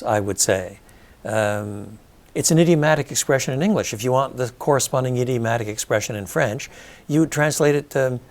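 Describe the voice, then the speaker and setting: Older guy explaining stuff in an interview, mid-pitched, thoughtful, lots of ums and restarts. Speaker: interview guest, scholar.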